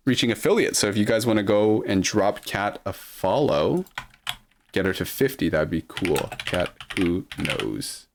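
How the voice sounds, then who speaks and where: A man with a deep, low-pitched voice, talking casually on a live stream. He reads viewer messages aloud and answers them loosely, with plenty of ums and restarts. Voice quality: low speaking voice.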